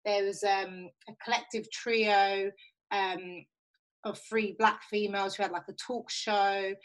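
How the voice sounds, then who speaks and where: A woman's voice: medium pitch, steady tone, a little slow, low-quality recording. A young woman who works as a radio producer and presenter, answering interview questions in a chatty, upbeat way with lots of fillers.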